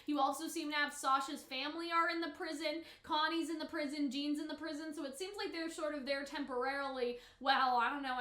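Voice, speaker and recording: A woman's voice: high voice, pushed and bright, roomy sound. A woman giving casual reaction commentary on an anime, talking in a chatty, emotional way full of fillers, at her computer at home.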